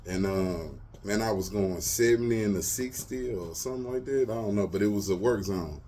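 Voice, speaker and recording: A man's voice: fairly low pitch, normal speed, dark tone, a little hiss or hum. A man, hosting his show and telling personal stories in loose, slangy, casual talk. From Texas, US. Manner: loose slangy talk, lots of "you feel me". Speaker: show host.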